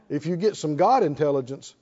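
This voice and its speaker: Rhetorical questions and joking asides drive this sermon, with the preacher calling for the congregation's responses. His voice is a little high and dark in tone, heard through a dull lo-fi recording.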